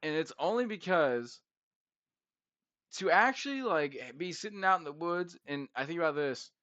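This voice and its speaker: A brash man hosting a podcast, crude and joking. His voice sits fairly high and bright, recorded dry and slightly dull on a headset. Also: expressive, normal speed, no room sound. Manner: brash, crude teasing, laughs a lot. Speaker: podcast host. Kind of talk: casual chat.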